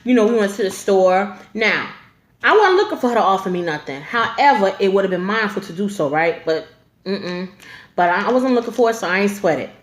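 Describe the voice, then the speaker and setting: A woman's voice: medium pitch, expressive, a little fast, echoey room. A woman telling a story to camera in a casual storytime vlog, blunt and profane, with lots of filler.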